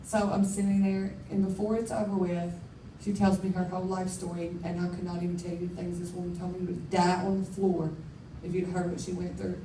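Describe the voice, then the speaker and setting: A woman preaches her personal testimony with candid, emphatic energy, laughing at herself along the way. Her voice is mellow and warm. She sits back from the microphone in a big echoing conference hall. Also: lowish voice, flat delivery, brisk, few pauses, a little hiss or hum. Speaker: conference speaker. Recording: roomy hall, speaker far from mic.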